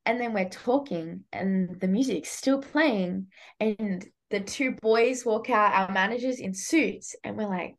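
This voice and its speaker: An upbeat young woman with an Australian accent talks easily in a relaxed interview. Her voice sits at a middle pitch, and she speaks in a loose, chatty way with plenty of "like.". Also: unhurried, hardly any pauses. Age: young adult. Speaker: college softball pitcher guest. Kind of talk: casual interview chat.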